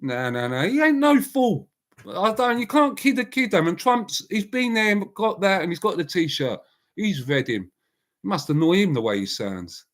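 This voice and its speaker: A man's voice: high-pitched, very animated, moderate pace, fairly bright tone. A man hosting a casual live chat, talking bluntly in a rambling way and answering viewers by name. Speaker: livestream host.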